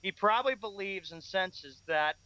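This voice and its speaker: Guy co-hosting sports radio, high and bright, keeps the segments moving, dry studio sound. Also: animated, normal speed, smooth, no echo, low-quality recording. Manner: reads headlines, steers the segments. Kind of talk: sports talk radio banter.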